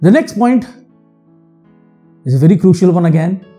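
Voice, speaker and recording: Indian man, Indian English accent, very dark mellow tone, earnest advice monologue, faint music underneath. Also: high voice, lively intonation, moderate pace. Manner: frank, earnest and opinionated. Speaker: YouTube channel host.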